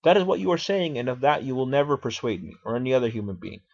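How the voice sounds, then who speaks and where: A man's voice: mid-range voice, sing-song, fast, creaky. A man voicing an aged male philosopher defending himself in court, arguing and questioning in a dramatic reading on a dull lo-fi recording. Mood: defiant. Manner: argumentative, questioning.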